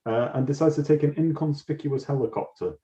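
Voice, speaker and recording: A man's voice: a little high, fairly quick. A man co-hosting a podcast, swearing freely while telling a film plot. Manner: swears freely, animated storytelling. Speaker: podcast co-host. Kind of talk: casual chat. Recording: dull roomy recording.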